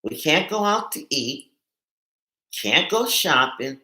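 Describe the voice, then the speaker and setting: A nurse hosting a live stream from home, speaking earnestly and stumbling over repeated words when upset. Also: female voice, sits low, sing-song, takes it slowly, pushed and bright, echoey room. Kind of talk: emotional live-stream talk to viewers.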